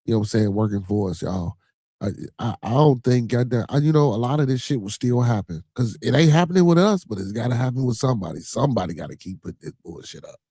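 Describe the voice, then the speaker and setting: A man's voice: medium pitch, lively intonation, quick pace, mellow, breathy edge, no room sound. A man with a Chicago accent hosting a podcast in loose, streetwise casual chat, full of "you know what I'm saying" fillers and swearing. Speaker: podcast host. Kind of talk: casual podcast chat reacting to news and live comments.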